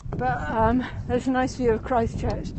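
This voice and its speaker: Woman, high voice, tour guide, chatty, rambling, slightly out of breath, outdoors. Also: level tone, a little slow, noisy background. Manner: chatty and rambling, laughs often. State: a bit out of breath from walking. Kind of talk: live-streamed walking tour. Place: outdoors in a city meadow and gardens.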